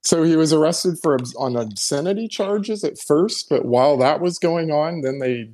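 Podcast cohost telling a story, relaxed, middle pitch voice. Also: moderate pace. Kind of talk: casual chat.

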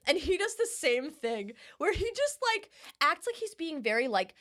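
A woman co-hosting a casual podcast chat, animated and acting out quotes in playful voices. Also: high-pitched, moderate pace. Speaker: podcast co-host.

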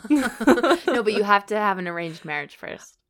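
A woman's voice: medium pitch, animated. Playful, teasing young woman co-host. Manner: playful, teasing, quick agreeing interjections. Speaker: podcast co-host. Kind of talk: casual chat.

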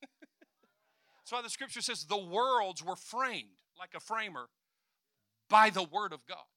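A man preaching a sermon, swinging from quiet asides to loud declarations and acting out voices. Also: sits high, expressive, takes it slowly, no room sound, clean studio sound.

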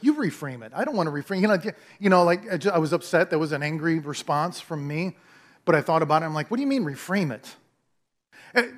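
A male pastor preaching a sermon in a conversational, storytelling way, acting out bits of dialogue. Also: on the high side.

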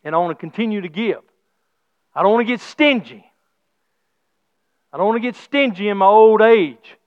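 A middle-aged man preaching a sermon as pastor, his delivery swinging from soft low talk to shouted praise, with folksy church grammar. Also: moderate pace, pauses often, no echo. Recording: slightly dull lo-fi sound.

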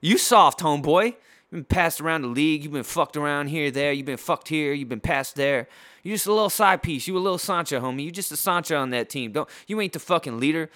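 A man from San Diego ranting as a podcast host, loud and trash-talking, a little tipsy, with lots of restarts. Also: on the high side, quick pace. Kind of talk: profane sports rant.

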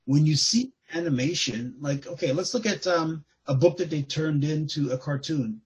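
A man with a somewhat high, very husky, raspy voice chatting as a podcast guest. He rambles in an animated way, laughs easily and restarts his sentences often. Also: normal speed, lo-fi sound. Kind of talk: casual chat.

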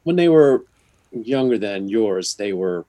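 A man's voice: fairly low pitch, takes it slowly, dry recording. A middle-aged man in casual chat, laughing easily and swearing, on a video call. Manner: animated, laughs easily, profane.

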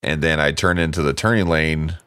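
A man in his forties telling stories in casual chat, animated and acting out voices as he goes. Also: rumbling low, fairly quick, smooth, dry recording. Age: 40s. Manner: animated storytelling, acts out voices in quotes.

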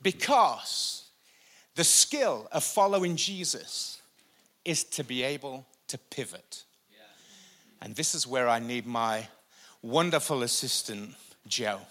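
A male pastor preaching a sermon, energetic and repetitive for emphasis. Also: mid-range voice, slow. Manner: energetic, repeats lines for emphasis, uses a helper for a live demonstration. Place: church stage before a congregation.

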